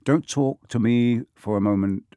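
A man's voice: mid-range voice, a little slow, warm tone, clear, resonant tone, no echo, clean studio sound, natural voice. A man voicing a blunt, loyal young teenage boy.

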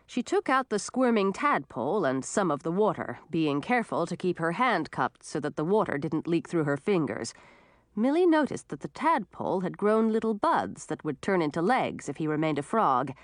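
A woman's voice: moderate pace, no room sound, studio quality. A woman reading a storybook aloud, narrating expressively. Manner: expressive, varied pitch.

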